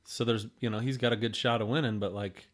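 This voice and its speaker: A man's voice: lowish voice, fairly even intonation, fast. A man co-hosting a casual podcast, talking hesitantly with many restarts and "like"s. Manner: hesitant, restarts often, says "like". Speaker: podcast co-host. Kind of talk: casual chat.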